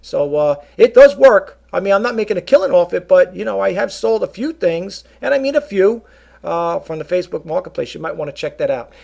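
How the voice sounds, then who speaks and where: A middle-aged man talks casually to his viewers in a rambling way, dotting his talk with fillers and calling them folks. His voice sits a little high and is heavily gravelly with fry throughout. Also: expressive, brisk, a little mellow. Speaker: vlogger and eBay reseller.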